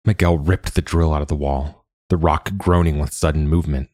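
A man narrating a story in a measured, steady way, like a scripted audiobook. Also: very deep voice, dry recording, clean studio sound.

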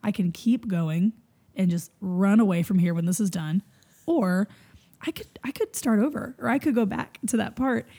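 Animated woman with a mellow voice. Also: medium pitch, normal speed, slightly rough. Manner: animated, laughing, lots of fillers. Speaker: worship leader. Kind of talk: storytelling in casual chat.

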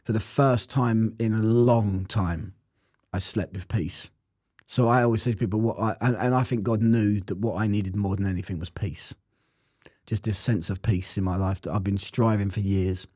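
A man's voice: fairly low pitch, fairly even intonation, moderate pace, darkish tone, no echo, clean studio sound. A man telling his personal testimony in an interview, earnest and reflective. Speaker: interview guest.

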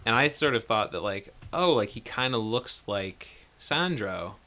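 A man co-hosting a podcast, talking about films in a hesitant, halting way and laughing often. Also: fairly low pitch, animated, sharp tone, slight background noise. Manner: hesitant, many fillers and restarts, laughs often. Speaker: podcast co-host. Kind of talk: casual film discussion.

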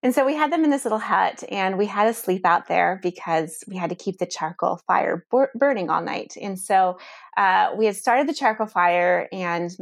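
A woman guest in a conversation, telling a personal story in an animated way, full of restarts and "like". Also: mid-range voice, normal speed, gravelly, dry recording, clean studio sound. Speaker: interview guest.

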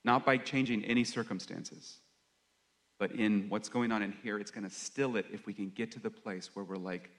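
A man giving a reflective sermon, earnest and confessional, speaking haltingly with many pauses and fillers. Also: on the low side, fairly even intonation. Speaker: worship leader or preacher.

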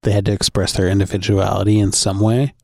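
A man's voice: on the low side, flat delivery, quick pace, creaky, darkish tone, slight background noise. A man co-hosting a casual podcast chat, laughing often and restarting his sentences. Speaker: podcast co-host.

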